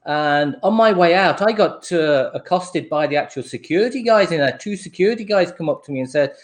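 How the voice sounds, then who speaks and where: A man's voice: a little high, animated, fairly quick. An older man telling casual stories on a livestream chat, chatty and laughing easily. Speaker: livestream host.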